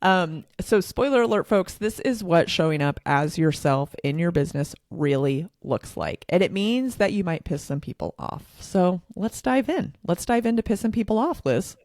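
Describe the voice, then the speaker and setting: Gravelly-voiced sarcastic woman podcaster. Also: on the low side, lively intonation, normal speed, hardly any pauses, a little mellow, no echo, clean studio sound. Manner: sarcastic, laughing, filler-heavy. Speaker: podcast co-host. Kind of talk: casual podcast chat.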